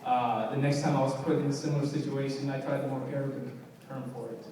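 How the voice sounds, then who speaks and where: A young man performing conversational, self-deprecating stand-up comedy with halting fillers at a live show. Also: medium pitch, steady tone, warm tone, slight background noise. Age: young adult. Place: large hall, live show. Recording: echoey hall from far off.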